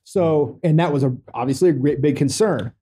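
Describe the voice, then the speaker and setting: Middle-aged vet guy on a podcast, warm low-key voice, cracks dry jokes, lots of uhs and ums. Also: breathy edge. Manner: wry, joking matter-of-factly about grave events; loose, halting with many fillers. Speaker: military veteran guest. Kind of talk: casual storytelling in a podcast interview. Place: podcast studio.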